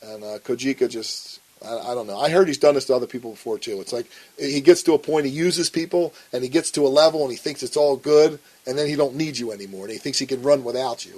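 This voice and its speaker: A man's voice: medium pitch, darkish tone, slightly rough, rough recording. A man telling a story in a blunt interview, swearing often and acting out the arguments he recounts. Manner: blunt and profane, acts out quoted arguments. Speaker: interview guest.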